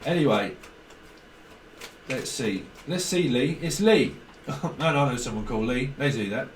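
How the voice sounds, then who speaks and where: A man's voice: mid-range voice, expressive, moderate pace. A man reading tarot in a casual monologue, rambling, swearing, laughing often and mimicking other people. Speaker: tarot reader. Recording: echoey room, some distance from the mic, faint noise.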